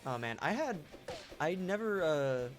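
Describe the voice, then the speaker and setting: A man's voice: fairly high pitch, very animated, a little slow, music in the background. A young man chatting casually on a game stream, rambling with many fillers and swearing. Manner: rambling, lots of fillers and swearing, loud laughing impressions. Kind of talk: casual gaming stream chat.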